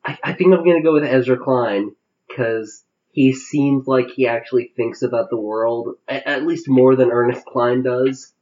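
A male podcast co-host trades dry, quick jokes in a relaxed tone. His pitch is middle-of-the-road, and the recording is slightly dull and lo-fi. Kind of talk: casual comedic chat.

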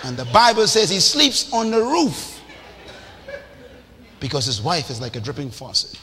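A man preaching a sermon in a lively, animated way, acting out little scenes and shouting for emphasis. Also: fairly high pitch, normal speed. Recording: reverberant hall with faint noise.

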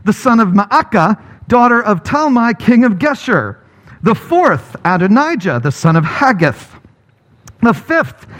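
Lively high-voiced pastor, mask-muffled. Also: male voice. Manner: lively storytelling, paraphrasing characters in casual speech. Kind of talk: sermon. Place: church worship gathering.

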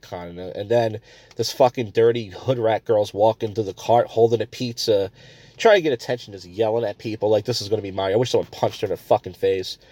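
A man's voice: on the low side, darkish tone, dry recording. A man hosting a comedy podcast, ranting crudely and rambling between stories. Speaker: podcast host.

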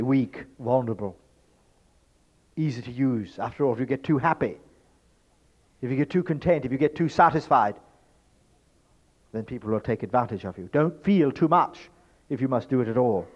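A man giving a spoken lecture in an emphatic, rhetorical way, swinging between loud stresses and hushed asides. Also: medium pitch. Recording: dull lo-fi recording.

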